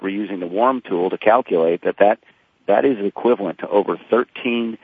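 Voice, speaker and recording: A man guesting on a radio interview, explaining figures in a halting way with many fillers. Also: fairly low pitch, husky, no room sound. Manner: halting, lots of fillers and restarts, factual. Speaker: corporate sustainability guest. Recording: tinny phone line.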